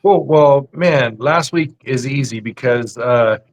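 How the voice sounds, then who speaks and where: An easygoing man speaks as a chef guest on a casual podcast. His talk is relaxed and loose, and he fills pauses with "uh" and "man". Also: medium pitch, rough recording. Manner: easygoing, says "man" and "uh" a lot. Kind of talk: casual chat.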